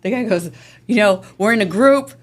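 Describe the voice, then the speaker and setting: A woman's voice: medium pitch, moderate pace. A middle-aged woman, a podcast guest, speaking candidly and earnestly about her recovery, with frequent restarts and nervous laughs. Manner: earnest, rambling with restarts, laughs through hard moments. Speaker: interview guest.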